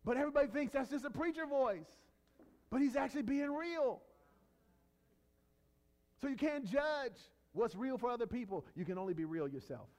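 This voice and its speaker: Male pastor, sermon delivery, animated pitch, builds to loud peaks and drops to quiet, chatty asides. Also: moderate pace, long pauses, in a large hall. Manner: dynamic preaching, swinging from loud emphatic peaks to low quiet lines; conversational asides and storytelling with fillers and restarts.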